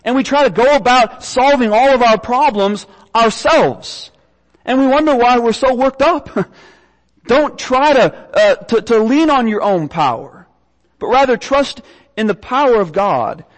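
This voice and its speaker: A man's voice: extremely high pitch, lively intonation, a little slow, long reverb tail, poor audio. A young man preaching a sermon, earnestly reading scripture aloud and often repeating his words. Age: young adult.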